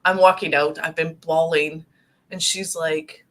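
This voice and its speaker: A woman speaking gently and earnestly about grief from her own experience, in a conversational talk. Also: sits low, steady tone, a little slow. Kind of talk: conversational talk show discussion.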